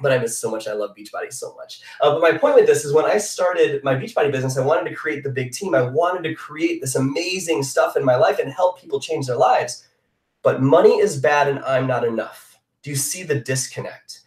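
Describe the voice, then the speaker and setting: A man's voice: fairly high pitch, lively intonation, fairly quick. Earnest man in a roomy, distant sound. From Chicago area. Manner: earnest, confessional, emphatic. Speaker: motivational speaker, former fitness coach. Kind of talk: personal story talk on a live online hangout.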